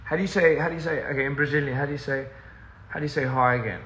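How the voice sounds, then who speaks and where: Rapid-fire and fairly bright, a man's steady, medium-pitched voice carries a casual phone livestream from inside a house. The touring musician rambles, sidetracks easily and laughs often, with roomy echo and a faint hiss in the recording.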